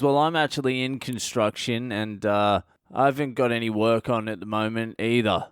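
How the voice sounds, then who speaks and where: A man's voice: medium pitch, moderate pace, clear, resonant tone, no room sound, studio quality. A man in his thirties with an Australian accent, hosting a podcast and telling a blunt, profane, self-mocking comic story. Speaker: comedian podcast host.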